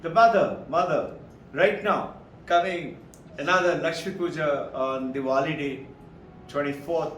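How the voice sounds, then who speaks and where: A man from India, giving an informal, anecdotal spiritual talk. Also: a little slow. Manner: rambling, anecdotal storytelling. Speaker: spiritual speaker. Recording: echoey room from far off, low rumble.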